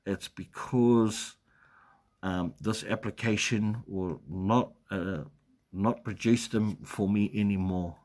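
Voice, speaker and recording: Low-voiced New Zealand man chatting live. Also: fairly even intonation, slow pace, a little mellow. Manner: rambling, many fillers and restarts, chuckles often. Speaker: live stream host. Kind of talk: casual live stream chat reading comments.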